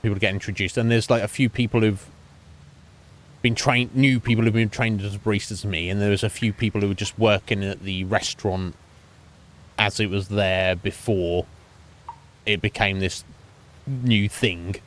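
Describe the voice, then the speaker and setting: A young man streaming, telling a profane, animated story about a coffee job and acting out the people in it. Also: lowish voice, normal speed, long pauses. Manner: profane, animated ranting with voiced quotes. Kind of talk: ranting story while streaming a game.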